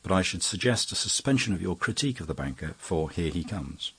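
Grave young futurist, earnest and declaiming, low husky tone, dry close sound, read by a man. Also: animated, fairly quick, fairly bright tone, dry recording, full character voice. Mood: enigmatic.

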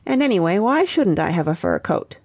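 A woman's voice: mid-range voice, big pitch swings, a little fast, darkish tone, slightly rough, dry recording. A woman voicing a pompous, self-important young man who speaks loftily and gets huffy. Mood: annoyed. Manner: lofty, huffy.

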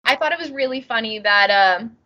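A woman's voice: fairly high pitch, a little fast, bright, forceful tone, highs cut off. A woman co-hosting a podcast, chatting casually and animatedly, often acting out characters' lines. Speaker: podcast co-host. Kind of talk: casual chat.

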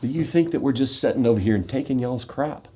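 An American man, a military veteran, delivering a fervent, confrontational monologue in a radio studio, swinging from loud outbursts to quiet, heavy asides. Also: medium pitch, quick pace, slightly rough.

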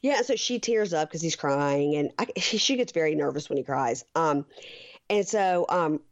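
A woman's voice: deep voice, expressive, moderate pace. A woman co-hosting a podcast, chatting casually and recapping a show with frank, profane remarks. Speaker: podcast co-host. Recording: slightly dull lo-fi sound.

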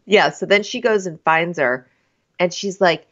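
A woman's voice: lowish voice, unhurried, muffled recording. A woman co-hosting a podcast, recapping a TV show in casual chat and acting out quotes. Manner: animated, quotes people in voices. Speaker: podcast co-host.

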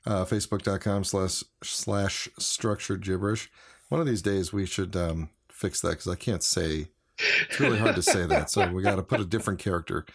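A man's voice: low voice, steady tone, moderate pace, slightly rough. A man co-hosting a podcast, joking dryly and wrapping up the episode. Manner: dry joking, reads out the show's links. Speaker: podcast co-host. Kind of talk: casual podcast chat.

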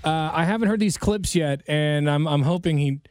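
A man's voice: fairly high pitch, normal speed, darkish tone, soft background music. A man hosting a morning radio show, chatting casually and ranting bluntly.

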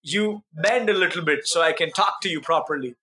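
A man's voice: a little high, a little fast, pushed and bright. A man retelling the words of a bossy, cheeky seven-year-old girl. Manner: commanding, playful.

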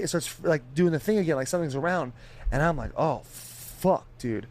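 A young man in casual group chat, telling a story with animated delivery, imitating beeps and other people's voices, and swearing freely. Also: a little high, normal speed. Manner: animated storytelling, mimics beeping and quoted voices.

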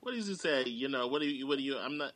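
A man's voice: medium pitch, expressive, fast talker, a bit bright, no room sound. A man, a podcast guest, recapping a film plot in a rambling, casual way with many filler words.

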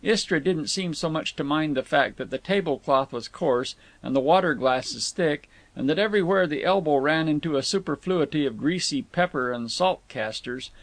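A man reads a novel aloud in steady, measured narration. His voice sits a little high for a man and carries a gravelly rasp. The recording is dry and close. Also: no room sound. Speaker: audiobook reader. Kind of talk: scripted narration.

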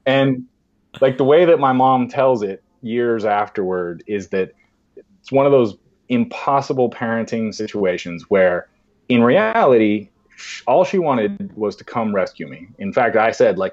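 A man's voice: medium pitch, a little slow. A man, a podcast guest, telling a personal story in conversation and acting out the voices he quotes. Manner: animated, acts out voices in quotes. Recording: dull lo-fi sound.

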